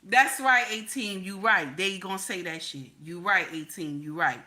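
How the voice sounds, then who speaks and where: A woman's voice: on the low side, moderate pace, pushed and bright. A woman giving relationship advice in a profane, emphatic monologue, repeating her points over and over. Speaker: relationship commentator.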